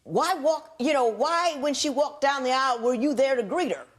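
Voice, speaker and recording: A woman's voice: high voice, moderate pace. A woman presiding as a TV judge, putting pointed, probing questions to the couple. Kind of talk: courtroom questioning.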